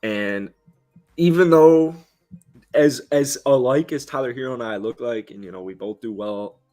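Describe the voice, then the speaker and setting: A young man co-hosting a casual sports chat, rambling with goofy, deadpan jokes. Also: medium pitch, moderate pace. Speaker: co-host.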